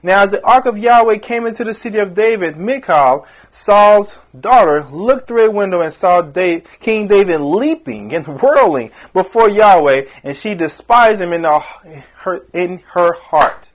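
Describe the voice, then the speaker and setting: Guy preaching a sermon, fired up, kinda high voice, goes big then drops quiet. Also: animated, measured pace, few pauses. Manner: impassioned, rising and falling emphasis with acted-out quotes.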